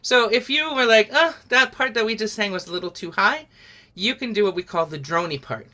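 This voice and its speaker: Bright-voiced woman leading a singing lesson. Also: mid-range voice, animated, brisk. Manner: patient, encouraging, explains step by step. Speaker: song leader. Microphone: video call.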